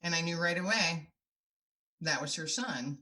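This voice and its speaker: A woman's voice: lowish voice, a little slow, bright, forceful tone. A middle-aged woman speaking as a podcast guest, telling her stories in an earnest, heartfelt way. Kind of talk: podcast interview.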